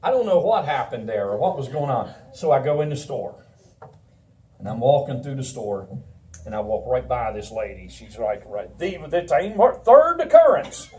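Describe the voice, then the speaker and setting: A man preaching a sermon in a conversational, animated way, telling a personal story and laughing often. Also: mid-range voice, moderate pace, a little hiss or hum. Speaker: pastor. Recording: roomy sound from a distant mic.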